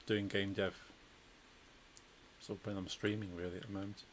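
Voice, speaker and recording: A man's voice: sits low, flat delivery, moderate pace, a little hiss or hum. A man streaming a game, chatting casually and answering his co-player with short replies. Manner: short back-channel replies, greets chat viewers. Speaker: streamer, host. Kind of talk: casual chat while gaming.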